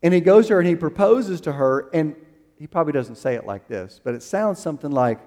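Male pastor, high and lively delivery, emphatic preaching build, reverberant sanctuary sound. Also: brisk. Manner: emphatic, rising to a preaching crescendo; restarts and fillers while finding the verse. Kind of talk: sermon.

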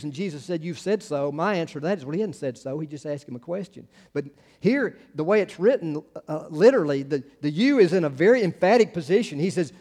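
A man's voice: fairly high pitch, expressive, quick pace, darkish tone, long reverb tail. A man preaching a sermon as pastor, earnest, with frequent restarts and rising emphatic peaks.

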